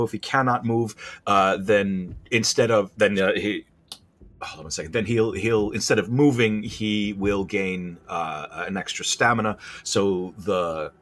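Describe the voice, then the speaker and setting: A man's voice: on the low side, fairly bright tone. A man giving casual, rambling gameplay commentary, self-deprecating and restarting his sentences often.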